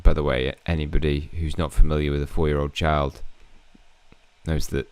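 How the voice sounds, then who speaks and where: A man's voice: rumbling low, level tone, normal speed, clean tone, no room sound. A man in his thirties casually commenting on a game he is playing, with jokey, self-mocking asides. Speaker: gaming channel host.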